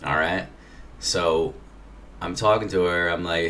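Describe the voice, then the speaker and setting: Deep-voiced man telling a rambling story. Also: fairly even intonation, measured pace, pauses often, fairly bright tone. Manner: profane, rambling, laid-back. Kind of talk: casual anecdote telling. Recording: distant mic with faint noise.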